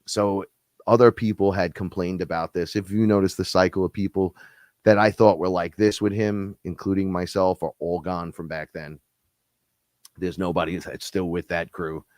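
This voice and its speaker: A man hosting a casual spiritual talk show, telling stories in a rambling, profane, animated way. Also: sits low, normal speed, no echo. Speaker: host.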